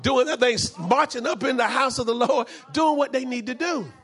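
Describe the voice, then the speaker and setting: A man's voice: extremely high pitch, normal speed, fairly bright tone, slightly rough. A man preaching a sermon as pastor, fervent and repetitive, dropping in frequent amens.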